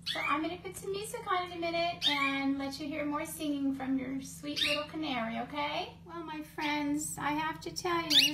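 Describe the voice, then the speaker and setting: A woman preschool teacher reading a story to young children in an animated, sing-song way, gently and slowly, recorded at home. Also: high-pitched, very noisy.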